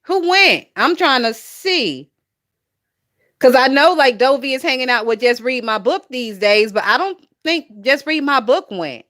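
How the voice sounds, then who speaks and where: A woman's voice: sits high, expressive, measured pace, fairly bright tone. A woman hosting a casual gossip livestream, chatty and profane, laughing often and talking to her chat. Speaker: gossip channel host.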